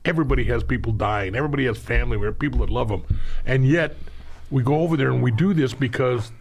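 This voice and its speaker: An older veteran guest on a talk show tells war stories in a casual, animated way, acting out the voices of the people he quotes. His voice sits at a medium pitch with vocal fry, and he speaks quickly.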